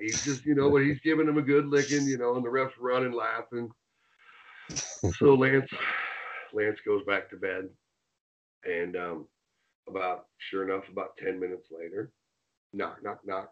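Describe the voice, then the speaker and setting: Male interview guest, low voice, animated storyteller who swears freely; dull, lo-fi sound. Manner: animated, swears, acts out quotes. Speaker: interview guest, former wrestler. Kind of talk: casual storytelling.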